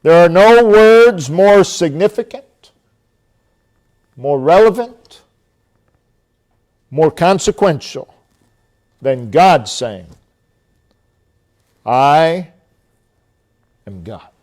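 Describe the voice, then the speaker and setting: This male pastor's sermon is expressive and emphatic, punctuated by long dramatic pauses. He lowers his voice to a quiet, low register whenever he quotes God.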